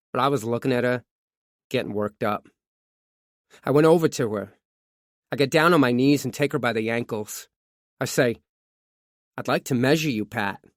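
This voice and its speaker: Casting: male audiobook narrator, mid-pitched, measured confessional reading, dry close-miked sound. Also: no room sound. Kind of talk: scripted true crime narration.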